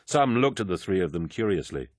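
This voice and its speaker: A man narrating an audiobook in a measured, low-key storytelling manner. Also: sing-song, dry recording, clean studio sound. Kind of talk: scripted narration.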